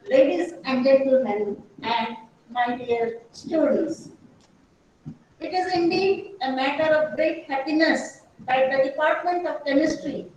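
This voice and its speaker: A woman's voice: sits high, darkish tone, a little hiss or hum. Indian english woman, formal welcome speech, big echoey auditorium, mic far away. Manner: measured, reads long lists of names and titles. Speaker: conference speaker giving a welcome address. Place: large auditorium. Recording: very echoey hall, heard from far off.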